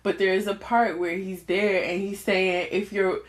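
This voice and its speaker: A woman's voice: medium pitch, flat delivery, moderate pace. A woman co-hosting a podcast, chatting casually and animatedly, often laughing as she tells a story. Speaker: podcast co-host.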